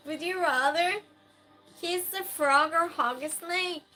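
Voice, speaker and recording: A woman's voice: very high-pitched, slow pace, soft background music. A woman with a Swedish accent, casually chatting with her stream and reading viewer comments aloud. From Sweden. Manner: relaxed, reads chat aloud, soft giggles.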